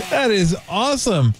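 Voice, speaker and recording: Animated sports radio host, man. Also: very high voice, creaky, noisy background. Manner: laughs often, drawn-out asides. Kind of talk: casual radio banter.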